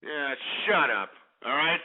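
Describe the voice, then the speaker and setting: A man with a fairly high voice runs a call-in radio show, talking in a brash, profane rant full of "uh" and "you know". His voice comes through tinny and narrow, like it is carried over a phone line. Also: expressive, a little slow. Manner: brash, profane, many fillers. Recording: tinny phone-quality broadcast audio.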